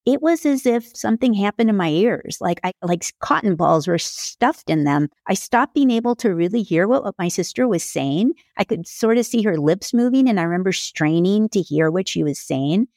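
A woman's voice: mid-range voice, animated, normal speed, few pauses, darkish tone, dry recording, clean studio sound. A woman from California, a memoir author, candidly telling her own story as a podcast guest, lifting her voice when she quotes others. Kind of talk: personal storytelling in a podcast interview.

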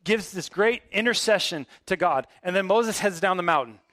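Male pastor, high voice, dry close sound, relaxed but emphatic preaching. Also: moderate pace, no room sound. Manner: conversational, emphatic preaching with casual asides. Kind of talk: sermon.

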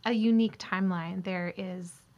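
A woman's voice: medium pitch, steady tone, normal speed, lo-fi sound. A woman hosting a casual interview podcast, encouraging and a little emotional as she talks with her guest. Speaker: podcast host.

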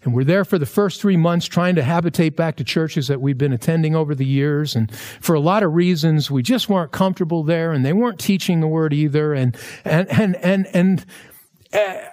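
A man preaching in a church, his voice sitting a little higher than most men's. He tells a personal story with animated delivery and acts out each exchange of dialogue. He is a pastor from Pennsylvania. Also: normal speed. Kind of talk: storytelling sermon. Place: church, filmed.

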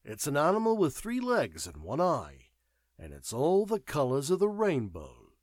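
A man reading an audiobook, voicing a cheerful, clever English gentleman with a light, teasing tone. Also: a little high, huge pitch swings, normal speed, no room sound, studio quality, voice pushed up. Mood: playful. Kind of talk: audiobook character voice.

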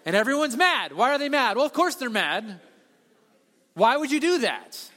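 A man preaching a sermon as a pastor, telling the story with animated delivery and acting out the voices he quotes. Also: extremely high pitch, moderate pace. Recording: long hall reverb.

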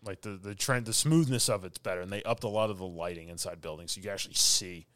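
A man's voice: low voice, a bit bright, no echo. Blunt, jokey male co-host, dry sound. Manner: blunt, jokey, quick to complain. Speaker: podcast co-host. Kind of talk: casual chat.

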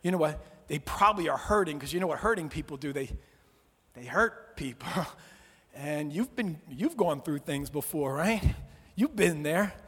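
A man with a high voice preaches to a church crowd, animated and swinging between loud, punchy lines and soft, low words. His voice carries a long reverb from the large hall he is in. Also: normal speed, slightly rough. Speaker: pastor. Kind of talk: sermon. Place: church auditorium.

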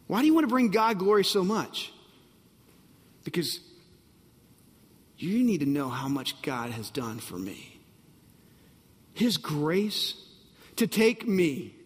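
A man's voice: high-pitched, very animated, a little slow, long pauses, slightly rough, long reverb tail. A man preaching a sermon, emphatic and repetitive, often asking the congregation if they are ready. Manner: emphatic, repeats phrases, asks the audience if they're ready. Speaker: pastor.

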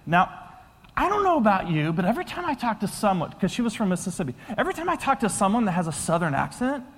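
High-voiced man preaching in a reverberant hall. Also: fast. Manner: conversational, animated storyteller, swings from loud to hushed. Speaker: pastor. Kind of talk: sermon with storytelling.

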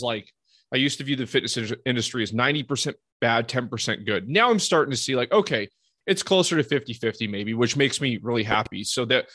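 A man hosting a podcast, explaining his views in a relaxed, conversational way. His pitch is ordinary, recorded close and dry. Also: dry recording. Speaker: podcast host. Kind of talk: casual podcast chat.

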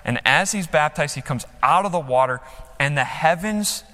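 Standing on a church stage, a man delivers a sermon as pastor, performing quotations emphatically with sweeping rises and falls. He speaks at normal speed in a slightly high, expressive voice with a sharp tone, and the room adds a long hall reverb.

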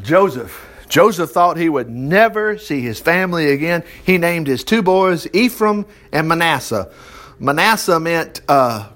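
Chatty man reading Bible with lively asides. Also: fairly high pitch. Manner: chatty, exclaims often, laughs and loses his place. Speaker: Bible teacher. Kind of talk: informal Bible reading with commentary.

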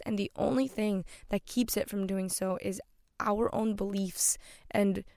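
Young woman, podcast host, gravelly fry, dry close sound, chatty with lots of likes. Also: medium pitch, darkish tone, dry recording. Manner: loose and chatty, many likes and you-knows. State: emotional, near tears. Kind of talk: casual solo podcast talk.

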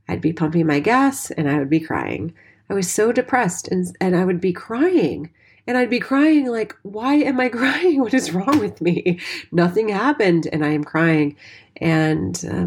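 Woman, forties, husky, deep-pitched, candid storytelling. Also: darkish tone. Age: 40s. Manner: candid and heartfelt, swears freely. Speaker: dance teacher and studio owner. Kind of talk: personal storytelling monologue.

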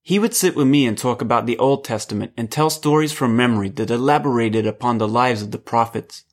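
Male narrator, mid-pitched voice, measured and reflective first-person audiobook read that lingers on key words.

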